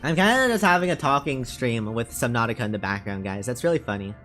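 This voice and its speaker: A man's voice: medium pitch, lively intonation, quick pace, a bit bright, soft background music. A man streaming a game and chatting casually with viewers, rambling with many fillers and restarts. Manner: rambling, chatty, lots of fillers and self-corrections. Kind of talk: casual live-stream chat while gaming.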